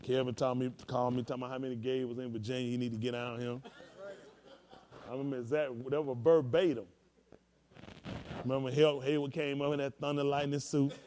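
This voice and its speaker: A man's voice: medium pitch, level tone, fairly quick, long pauses, a little mellow. A man, a pastor, roasting his church members from the pulpit in a joking, rambling way with folksy slang.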